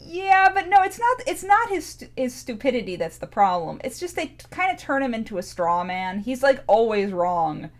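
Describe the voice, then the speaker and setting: A woman's voice: fairly high pitch, big pitch swings, moderate pace, few pauses. A young woman talking casually about a cartoon, rambling and gushing with many restarts. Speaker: show reviewer. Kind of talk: casual chat.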